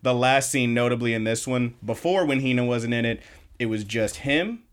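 At a normal speed and medium pitch, a podcast co-host excitedly recaps episodes in loose conversation. The talk rambles, full of restarts and repeated "like"s.

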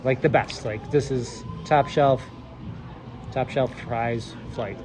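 A man's voice: medium pitch, takes it slowly, background noise. A man co-hosting a casual podcast, joking and thinking aloud during a card game. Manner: easygoing, jokey, thinks aloud. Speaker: podcast co-host.

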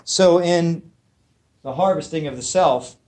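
A man's voice: fairly high pitch, slow pace, warm tone. A man teaching a spiritual lecture to a live audience. He talks emphatically and conversationally, often checking in with his listeners.

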